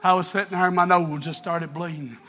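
Fervent high-voiced preacher. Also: male voice, fairly even intonation, fairly quick, a little hiss or hum. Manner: fervent, often shouting, emotional preaching. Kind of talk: sermon.

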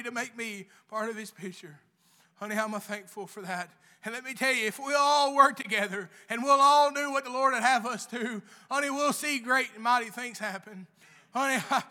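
A man preaching a fervent sermon in church, repeating "honey" over and over and rising into shouts. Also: very high voice. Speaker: lay preacher.

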